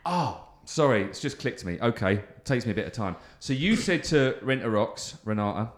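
A man's voice: medium pitch, sing-song, moderate pace. A man hosting a casual podcast interview, teasing his guest with jokey asides. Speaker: host.

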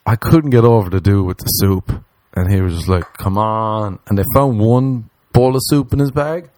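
A man's voice: mid-range voice, moderate pace, mellow. A man, a comedian telling a rambling story in casual chat, swearing and acting out the people he quotes. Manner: swearing, acts out quoted voices.

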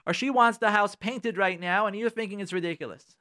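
A man hosting a radio show, giving advice in an animated monologue. He talks emphatically, repeats his phrases and acts out the thoughts of the people in his stories. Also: high voice, fairly quick, no echo, studio quality.

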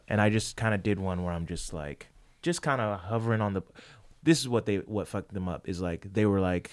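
A man with a fairly low voice tells a story in a relaxed chat among friends. He slips into the voices of the people he quotes. The sound is dry and close. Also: a little fast, no echo. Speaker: podcast co-host. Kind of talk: casual chat.

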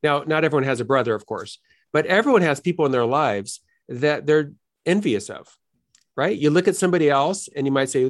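A man with a somewhat high-pitched voice lays out a philosophical argument step by step in an interview. His delivery is earnest and animated, like a teacher who enjoys the material. He keeps pulling the listener along with a quick "right?". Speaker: guest philosopher. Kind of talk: explanatory interview talk.

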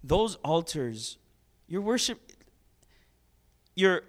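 A man preaching a sermon in an animated, conversational way, with sarcastic asides and repeated words. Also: fairly high pitch, very slow.

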